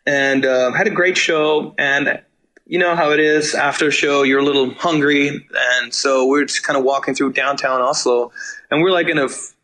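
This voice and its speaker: A man's voice: medium pitch, fairly even intonation, moderate pace, pushed and bright, low-quality recording. A man, a touring band musician telling road stories as a guest in a casual interview, rambling with lots of fillers and the odd swear. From Germany.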